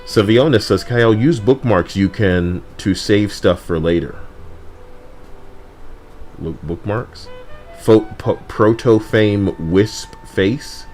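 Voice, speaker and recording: A man's voice: on the low side, slow, a little mellow, soft background music. A young man casually commenting on a game stream, rambling and talking to his chat. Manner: rambling, apologetic, talks to chat.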